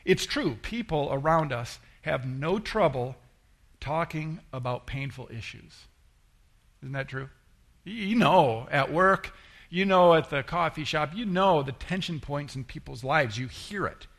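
A man's voice: animated, a little slow, vocal fry, fairly bright tone. A middle-aged male pastor preaching a sermon in a conversational storytelling way, acting out the people he quotes. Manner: conversational, acts out quoted voices with rising pitch.

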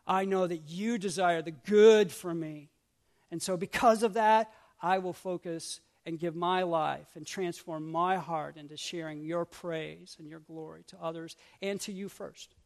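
A man preaching a sermon as pastor, swinging from urgent repeated questions to hushed prayerful lines and acting out grumbling voices. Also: fairly high pitch, steady tone, normal speed. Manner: acts out grumbling voices with asides.

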